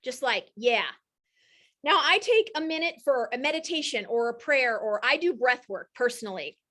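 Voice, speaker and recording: A woman in her thirties or forties, hosting a live coaching session with energetic, motivational enthusiasm. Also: sits high, normal speed. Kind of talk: live-streamed coaching talk.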